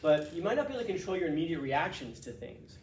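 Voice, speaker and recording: A male teacher tells a rambling, lively story to his students, full of restarts and chuckles. His voice sits a bit high. The room is echoey, with a faint hiss underneath. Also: fast talker. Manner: casual, animated storytelling with restarts and laughs. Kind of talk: classroom storytelling lecture. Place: classroom.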